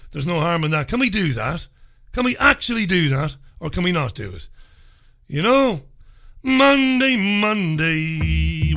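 A man's voice: a little high, a bit bright, dry recording, studio quality. A man hosting a live radio talk show in a chatty, upbeat way with rambling asides. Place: radio studio.

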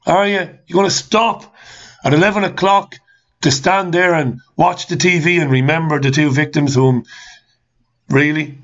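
Ranting man, dull audio. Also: on the high side. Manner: angry, repetitive rhetorical questions, swearing. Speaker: talk show host. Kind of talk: ranting monologue reading listener comments.

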